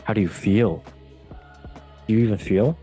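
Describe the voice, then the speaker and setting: Playful, low-voiced male podcast host. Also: moderate pace, mellow, soft background music. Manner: playful, joking, mock-dramatic. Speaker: podcast host running a quiz. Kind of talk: casual chat.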